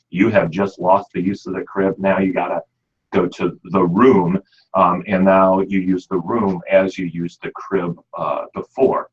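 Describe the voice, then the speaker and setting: On dull lo-fi radio audio, a pet store expert with a Midwestern American accent hosts a show about pets. His husky voice sits low, and he keeps things casual and folksy, filling his talk with "you know."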